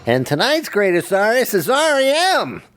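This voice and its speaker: A man's voice: sits high, wildly swooping pitch, moderate pace, pitched above the performer's own voice. A man putting on a comedic impression of a male rock singer that keeps slipping into another voice. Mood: playful.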